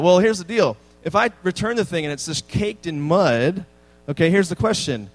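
Pastor, man in his thirties, casual storyteller in a sermon, fairly high voice, faint music under it. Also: low-quality recording. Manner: casual storytelling with humor, animated quoted dialogue.

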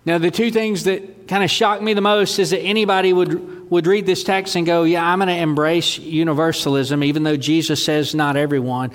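Pastor preaching, slightly high voice, big echoey church hall, goes loud then real quiet. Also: male voice, fairly even intonation, normal speed, hardly any pauses. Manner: dramatic, swings between loud proclaiming and hushed near-whispers. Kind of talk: sermon. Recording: long reverb of a large hall.

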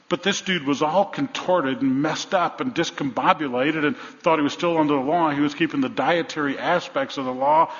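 Pastor preaching in a reverberant sanctuary. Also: male voice, medium pitch, a little fast. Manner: storytelling, emphatic repetition. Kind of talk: sermon. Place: large church sanctuary. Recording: dull church recording with long reverb.

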